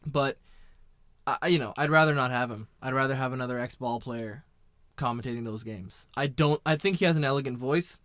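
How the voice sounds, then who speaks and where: A man co-hosting a casual sports podcast, talking in a measured way full of you know and right. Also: medium pitch, fairly bright tone, no echo, clean studio sound. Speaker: podcast co-host.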